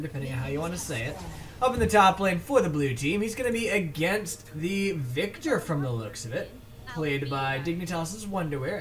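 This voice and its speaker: An esports shoutcaster with a high, fairly bright voice casts a video game match on his own. His solo commentary is casual and rambling, and he often trips over the players' names.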